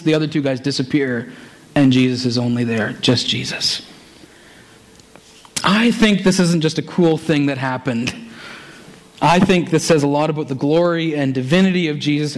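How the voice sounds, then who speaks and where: Preacher, male, fairly high voice, animated delivery of a sermon with scripture reading. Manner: animated, switches between fast asides and slow, stressed phrases.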